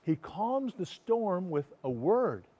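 A man, a pastor, preaching a sermon. He swings from loud emphatic lines to soft, slow, hushed passages. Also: high-pitched, big pitch swings.

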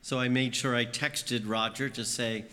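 A man's voice: steady tone, moderate pace, bright, forceful tone. A man preaching a homily as a priest, telling stories and acting out voices. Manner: storytelling, acting out voices with big swings in pitch. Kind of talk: sermon. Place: church. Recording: long church reverb.

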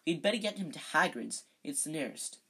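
Curt schoolboy hero, voiced by a storyteller, urgent, slightly husky. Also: medium pitch, animated, a little fast, pushed and bright, exaggerated voice.

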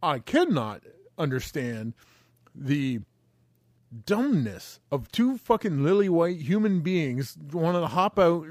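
A man's voice: a little high, very animated, takes it slowly, darkish tone, no room sound, clean studio sound. A man in his forties, co-hosting a casual podcast, telling stories with plenty of profanity and exasperation. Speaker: podcast co-host. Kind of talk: casual chat.

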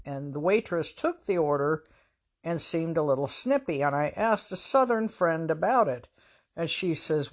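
A woman's voice: low-pitched, animated, moderate pace. A woman from the US Pacific Northwest telling casual anecdotes in a wry, conversational, self-mocking way as host of her own storytelling show.

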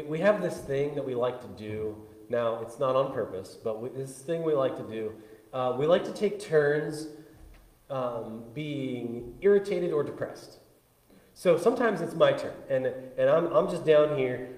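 Man preaching in an echoey hall. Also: mid-range voice. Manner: conversational, swinging between loud and hushed. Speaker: pastor. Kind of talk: sermon. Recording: echoey hall with long reverb.

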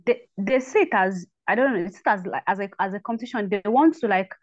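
A woman's voice: medium pitch, no room sound, highs cut off. A woman guest in a casual podcast chat, starting sentences over and over before telling her stories. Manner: halting starts, many fillers and restarts, lively when telling stories.

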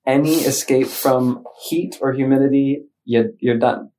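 Man from Michigan, interview guest, lively storyteller who voices his own thoughts; mid-pitched, casual. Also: unhurried, slight background noise. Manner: animated, acts out his own inner voices.

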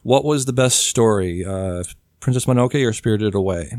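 A man with a fairly low voice hosts a relaxed podcast chat. He steers the talk with quick questions, recorded dry and close with no room sound. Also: no room sound. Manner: leads questions, quick lightning-round prompts. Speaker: podcast host. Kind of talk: casual chat.

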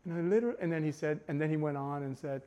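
A young adult man preaching a sermon, telling a personal story in an expressive way that swings between hushed and emphatic. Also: a little high, racing, muffled recording. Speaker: pastor.

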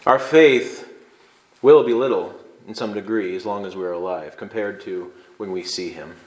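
A man's voice: fairly low pitch, normal speed. Emphatic preacher man in an echoey room. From Illinois. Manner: conversational, emphatic, builds to fervent stress. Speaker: pastor. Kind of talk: sermon.

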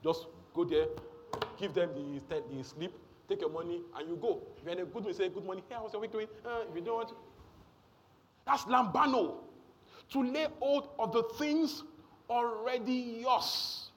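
A man's voice: high-pitched, a little slow. A man preaching a sermon, emphatic and repetitive, often checking in with the congregation.

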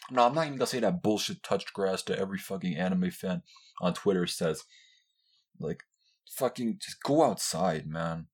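Young man, husky low voice, solo podcast rant, profane, rambling, fillers everywhere. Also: normal speed. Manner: mocks others in high squealing voices. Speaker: podcast host.

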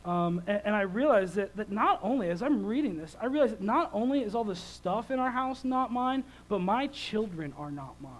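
Speaking at a normal speed with hardly any pauses, a high-voiced man in his thirties preaches a lively, conversational sermon, telling stories as his volume swings. The recording is low quality.

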